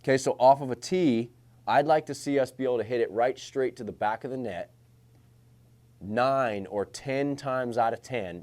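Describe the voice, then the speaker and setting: A man's voice: on the low side, darkish tone. A man coaching a group of baseball players on hitting, blunt and emphatic, hammering his key points home by repeating them.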